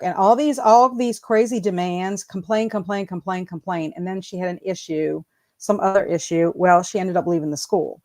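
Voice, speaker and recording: A woman in her fifties, an educator, chatting on a video call as an animated storyteller who laughs often and acts out exchanges. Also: fairly low pitch, normal speed. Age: 50s. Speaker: school proctor and educator. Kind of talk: casual video call chat.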